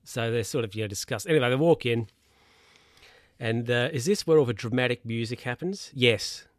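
A man's voice: medium pitch, normal speed, no echo, clean studio sound. A young man casually retelling a film's plot, rambling, chuckling and losing his place to check his notes. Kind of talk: casual film recap.

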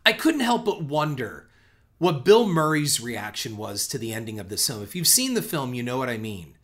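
A middle-aged man talking through his thoughts on a film in a loose, reflective monologue. His voice sits at an ordinary pitch, and he sounds earnest and conversational. He often doubles back on repeated words and drops in casual swearing. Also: big pitch swings, moderate pace, a bit bright. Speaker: film commentator.

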